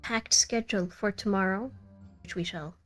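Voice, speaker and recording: A woman's voice: medium pitch, normal speed, fairly bright tone. Woman, game master, bubbly and giggly, casual stream sign-off, faint music bed. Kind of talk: casual chat wrapping up a live tabletop stream.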